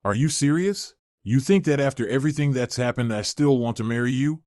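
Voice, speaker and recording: A man's voice: medium pitch, fairly quick, a little mellow, no echo, studio quality, close to an everyday voice. A man voicing a betrayed young woman who speaks firmly and coldly. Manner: firm, cold.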